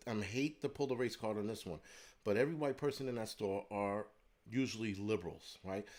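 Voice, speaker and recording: A man hosting his channel, telling a story in a heated, profane rant. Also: lowish voice. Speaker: host of a prepping channel. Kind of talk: ranting storytelling monologue.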